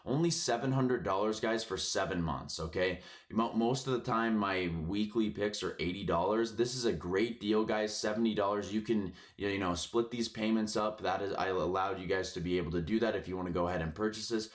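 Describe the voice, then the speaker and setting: A man hosting a sports betting picks channel, ranting casually with lots of cursing, filler words and frustration, a bit hoarse from yelling. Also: on the low side, a little fast, hardly any pauses.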